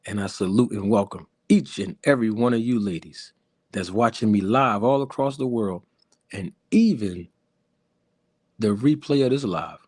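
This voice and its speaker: A man putting on a smooth crooner voice. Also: no echo, studio quality. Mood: smooth, courtly. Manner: soft, slow, low and suave. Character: smooth-talking male crooner charming the ladies. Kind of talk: live stream chat.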